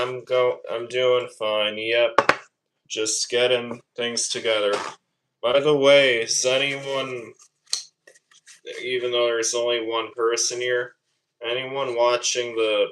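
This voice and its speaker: A man's voice: medium pitch, flat delivery, takes it slowly, a bit bright, slight background noise, poor audio. A man chatting casually on a phone livestream from his home kitchen, rambling and repeating his phrases as he makes coffee. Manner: rambling, repeats phrases, self-conscious asides. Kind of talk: casual livestream chat while cooking. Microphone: phone camera.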